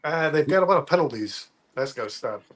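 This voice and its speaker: A man's voice: a little high, lively intonation, brisk, fairly bright tone. A man on a casual sports talk panel who stammers before making his points.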